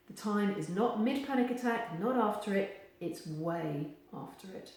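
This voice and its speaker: A woman gives advice straight to camera, animated and acting out the voices she quotes. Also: mid-range voice, measured pace, few pauses. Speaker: therapist giving advice. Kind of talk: direct-to-camera advice video. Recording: very echoey room.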